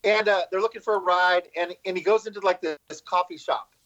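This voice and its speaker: A man with a rather high-pitched voice recaps movie scenes in a loose, chatty way. He repeats words and leans on "like" as filler. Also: a little fast, a bit bright, muffled recording. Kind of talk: casual movie discussion.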